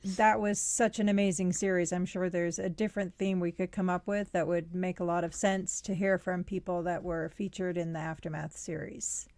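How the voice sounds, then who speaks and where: A woman's voice: on the low side, little pitch movement, normal speed, hardly any pauses, dry recording. A woman co-hosting a casual live podcast Q&A, chiming in and laughing easily alongside her partner. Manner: warm backchanneling, laughs easily. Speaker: podcast co-host.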